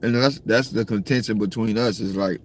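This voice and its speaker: A man from the States, rambling through a casual livestream chat, slangy and cursing freely while he shouts out viewers. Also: on the low side, normal speed, a little hiss or hum. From Southern United States. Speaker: livestream host. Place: in a car at times.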